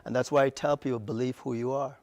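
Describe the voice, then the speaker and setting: A man's voice: mid-range voice, fairly even intonation, darkish tone, dry recording. A middle-aged man with a Barbadian accent, speaking passionately and emphatically as a guest on a morning TV interview. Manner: passionate, emphatic, fast bursts with rising outbursts. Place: TV studio.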